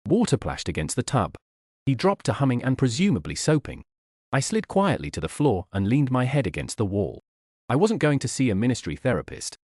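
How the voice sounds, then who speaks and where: A man reading a novel aloud as narration, shifting his pitch to voice the characters. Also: sing-song, fairly quick, a little mellow, dry recording, clean studio sound. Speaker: audiobook reader. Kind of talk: scripted narration.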